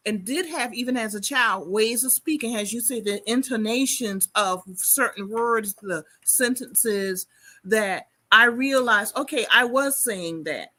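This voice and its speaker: A woman interviewer relates her own memories in an animated, conversational way. Her voice is bright and forward and sits a little high. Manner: chatty, animated storytelling.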